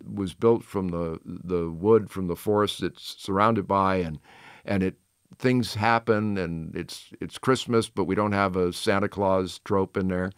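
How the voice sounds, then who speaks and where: Smooth, low-voiced man telling stories. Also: no echo, clean studio sound. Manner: chatty anecdotes with restarts and quick asides. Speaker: guest, television host. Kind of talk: casual storytelling interview.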